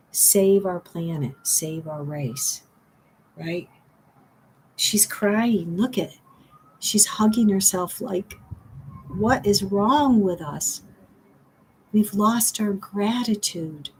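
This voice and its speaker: A woman's voice: mid-range voice, slow pace, a little mellow, slight background noise, rough recording. A middle-aged woman giving a spiritual card reading to her viewers, earnest and pleading, repeating her phrases.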